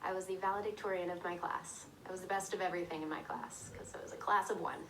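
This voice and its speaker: A woman's voice: lowish voice, steady tone, quick pace. Young woman chatting breezily about herself, sounds a bit far off from the mic, faint hiss. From Tennessee, US South. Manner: breezy, self-deprecating, chatty. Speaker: interviewed actress. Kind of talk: casual self-interview answers. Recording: distant clip audio, faint hiss.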